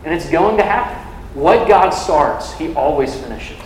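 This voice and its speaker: A man's voice: on the high side, expressive, moderate pace, slight background noise. A young man preaching a sermon to a campus ministry, conversational and full of "like" fillers. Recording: echoey hall from a distance.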